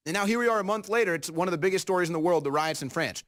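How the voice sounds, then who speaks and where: A man's voice: on the high side, fast talker, fairly bright tone, no room sound. Brash, combative male street reporter. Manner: brash, combative, self-assured. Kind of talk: street interview and public address.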